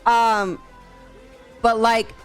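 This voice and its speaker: A young woman streamer chatting casually on a live stream, animated and quick to laugh, swearing freely. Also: on the high side, clean tone. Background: faint music.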